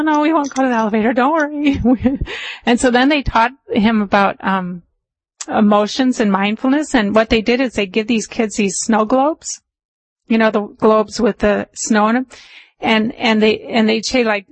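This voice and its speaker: A woman meditation teacher giving a dharma talk, telling stories in a chatty way with laughs and easing into a calm, measured pace. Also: mid-range voice, no echo, low-quality recording.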